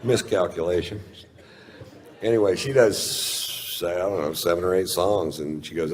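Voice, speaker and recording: Male comic, low voice, profane storyteller, live hall reverb with faint background hum. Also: fairly even intonation, a little slow. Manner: profane, rambling, self-mocking. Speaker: stand-up comedian. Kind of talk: stand-up storytelling. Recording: live stage with long reverb.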